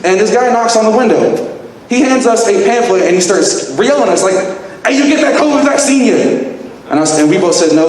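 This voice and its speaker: Profane young man telling a stand-up story. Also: high-pitched. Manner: animated, profane, self-mocking. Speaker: open mic comedian. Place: large convention hall with live audience. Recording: echoey hall, distant mic, noisy.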